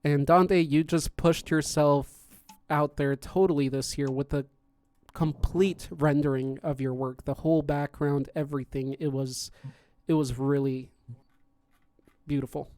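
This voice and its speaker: A man's voice: on the high side, fairly even intonation, a little slow, a little mellow, no room sound. A man hosting a podcast stream in casual chat, rambling with many fillers and restarts as he explains contest judging. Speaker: podcast host and contest judge.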